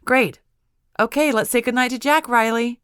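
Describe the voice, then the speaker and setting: A woman voicing an eager, playful young American woman who talks in a bright, lively way. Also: a little high, normal speed, clear, resonant tone, dry recording, clean studio sound, pitched above the performer's own voice, close to an everyday voice. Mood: cheerful.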